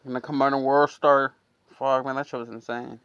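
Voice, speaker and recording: A man's voice: medium pitch, flat delivery, brisk, fairly bright tone, clear, resonant tone, dry recording, dull audio. A man telling a long, rambling, profane story from his neighborhood in a casual chat, full of fillers. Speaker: storyteller and channel host.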